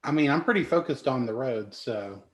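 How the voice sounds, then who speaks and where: A man chats through his turn in a tabletop game in a casual, laid-back way. His voice sits at a middling pitch. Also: animated, normal speed, reverberant, crowd noise. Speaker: player.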